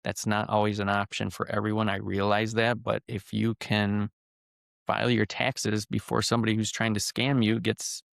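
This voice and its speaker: A man's voice: fairly low pitch, moderate pace, creaky, dry recording, studio quality. A man hosting a podcast, talking casually with lots of ums and telling a cautionary story. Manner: relaxed, frequent ums and uhs, conversational. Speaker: podcast host.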